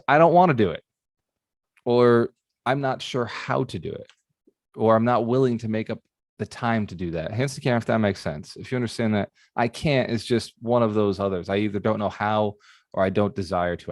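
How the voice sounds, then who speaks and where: A man giving a motivational talk as a real estate mentor, animated and often asking his audience questions. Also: on the low side, fairly quick, dry recording, studio quality.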